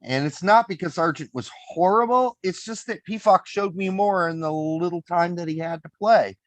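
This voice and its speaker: A man co-hosting a casual soccer podcast, animated, laughing often and swearing freely. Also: high-pitched, moderate pace, no echo. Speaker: podcast co-host.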